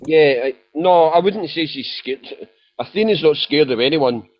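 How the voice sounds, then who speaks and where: Woozy and drowsy from medication, a man rambles apologetically and keeps repeating himself during an emotional online voice chat where he sits as a chat room panelist. His voice is on the high side with lively intonation at a moderate pace. The recording has that dull, lo-fi voice chat quality.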